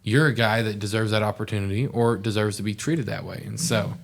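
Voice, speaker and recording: A man's voice: on the low side, fairly even intonation, fairly quick, creaky. A young man, a podcast guest talking in an earnest, heartfelt, rambling way full of "like". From southeast Oklahoma. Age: young adult. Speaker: podcast guest, former student officer. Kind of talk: casual podcast interview.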